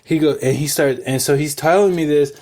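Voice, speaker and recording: A man's voice: a little high, a little fast, dark tone. A young man, a podcast host, telling a loose, profane story in casual chat and laughing as he goes. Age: young adult.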